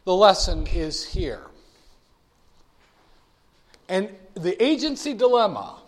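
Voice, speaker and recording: A man's voice: high voice, takes it slowly. Joking male lecturer in a reverberant hall. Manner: animated, joking storyteller. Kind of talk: classroom lecture.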